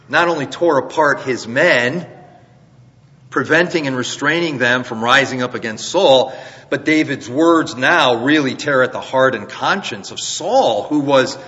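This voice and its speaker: A man's voice: mid-range voice, sharp tone. A man teaching scripture verse by verse in a sermon, explaining earnestly and with emphasis, posing rhetorical questions. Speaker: preacher. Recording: dull lo-fi recording in a reverberant hall.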